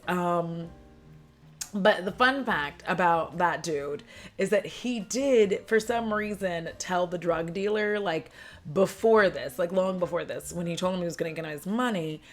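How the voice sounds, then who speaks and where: Woman YouTuber, lowish voice, animated casual film recap, faint music behind. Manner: animated, chatty, laughing asides; acts out characters' lines and sound effects. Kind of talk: casual chat.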